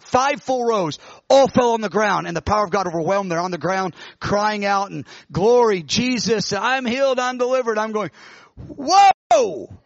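A man, a pastor, telling a dream in a sermon, animated and halting with many restarts. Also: high-pitched, no echo. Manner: animated, halting retelling full of restarts and fillers. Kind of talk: sermon storytelling. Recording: dull lo-fi, dry sound.

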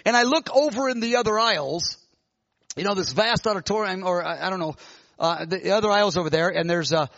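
A man, a pastor, telling a dream in a sermon, animated and halting with many restarts. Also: sits high, gravelly, no room sound. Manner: animated, halting retelling full of restarts and fillers. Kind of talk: sermon storytelling. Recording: dull lo-fi, dry sound.

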